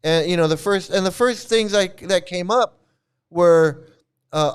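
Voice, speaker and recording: A man's voice: fairly high pitch, moderate pace, clean tone. A man who used to be a devotee tells a story in a rambling, mocking way, often restarting his sentences and laughing as he talks. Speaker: channel host, former devotee. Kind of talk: casual storytelling rant.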